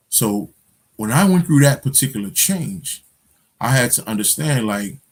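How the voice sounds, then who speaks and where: A man's voice: medium pitch, expressive, measured pace, husky. A man hosting his own channel, telling a story in a loose, profane monologue full of street slang, fillers and restarts. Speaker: spiritual channel host.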